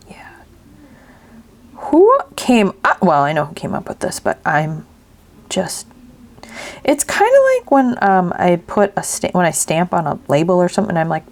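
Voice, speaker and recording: Hosting a crafting video, this woman speaks in a fairly low, expressive, slightly mellow voice at an unhurried pace with long pauses. Her narration is casual, full of thinking aloud, and she frequently drops into half-whispers and mumbles to herself.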